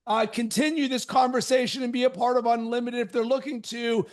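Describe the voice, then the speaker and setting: A man hosting a live online coaching workshop, energetic and emphatic, with punchy catchphrases, heard over a video call. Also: extremely high pitch, a little fast.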